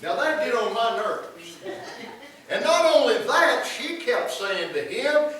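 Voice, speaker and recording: A man's voice: very high voice, sing-song, slow, a bit bright. A middle-aged man, preaching in a folksy storytelling way in a church sanctuary. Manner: folksy storytelling with acted-out quotes. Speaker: pastor. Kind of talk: sermon. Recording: echoey church room from far off.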